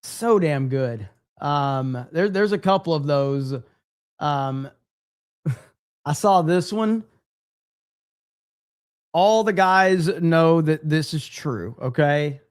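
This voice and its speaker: A man's voice: fairly high pitch, animated, extremely slow, long pauses, clean tone. A man hosting a live stream, chatting casually and with frequent swearing, reading viewer comments aloud. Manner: casual and profane, reads chat aloud. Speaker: livestream host. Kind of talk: casual live-stream chat reacting to clips.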